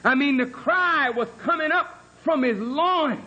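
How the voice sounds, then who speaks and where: A man with a high voice delivers a sermon at an unhurried pace. He tells his story dramatically, sinking to hushed, low passages and then climbing to emphatic peaks. He speaks with earnest insistence on his honesty. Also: muffled recording. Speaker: minister.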